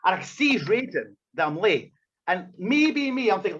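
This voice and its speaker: This wrestler, a guest on a podcast, acts out the scenes of a profane anecdote with plenty of swearing and animated storytelling. He speaks at a normal speed in a high voice. The highs are cut off, and there's slight background noise.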